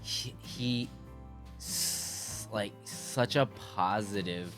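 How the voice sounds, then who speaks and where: A man's voice: fairly low pitch, very slow, faint music behind. A young man streaming live, chatting casually and telling stories about a friend, acting out voices in the quotes. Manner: animated storyteller, acts out quoted voices. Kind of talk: casual chat.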